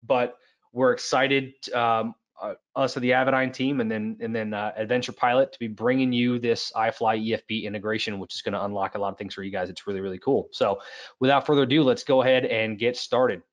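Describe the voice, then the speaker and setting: A man's voice: mid-range voice, fairly even intonation, fairly quick, lo-fi sound. A man hosting an online product webinar, talking casually with lots of fillers and restarts. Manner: chatty, many fillers and restarts. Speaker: webinar host. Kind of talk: casual presentation.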